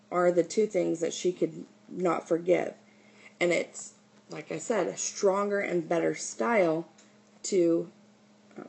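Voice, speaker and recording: Low, gravelly woman teaching writing. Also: darkish tone, poor audio. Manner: explanatory, with frequent "okay" and "um". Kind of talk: recorded writing lesson.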